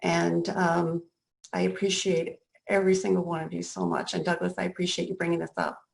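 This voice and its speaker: A middle-aged woman leading a school board meeting, speaking in an emotional, halting way with many restarts. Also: lowish voice, level tone, gravelly, low-quality recording. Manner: emotional, halting, near tears.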